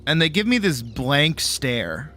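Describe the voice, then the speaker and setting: A man from Boston, a streamer telling a goofy travel story in a casual, animated way, swearing freely. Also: a little high, slow pace, soft background music. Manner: animated, swears, laughs often.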